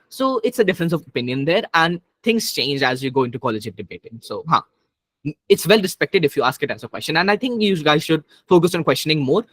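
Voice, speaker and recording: A man's voice: a little high, fairly bright tone, no echo. A man, coaching students on a video call and explaining points directly and patiently. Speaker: debate coach. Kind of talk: online coaching session.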